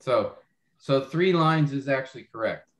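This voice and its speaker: A man's voice: mid-range voice, animated, a little slow, a bit bright. Man teaching a class in an echoey room. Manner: explanatory, checks understanding often. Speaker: Bible teacher. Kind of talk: online class lecture.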